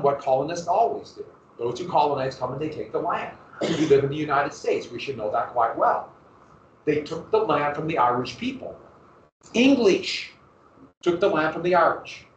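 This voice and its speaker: A man teaching a history class in a classroom, lecturing lively and often asking his students questions. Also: on the high side, a little hiss or hum. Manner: lively, asks the class questions, restarts phrases. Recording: roomy, distant, dull classroom recording.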